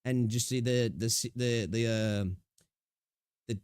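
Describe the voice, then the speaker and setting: A man's voice: mid-range voice, fairly even intonation, slow pace, a little mellow, clear, resonant tone, no echo, studio quality. A man streaming and reacting to a clip, rambling casually with many fillers and the odd swear.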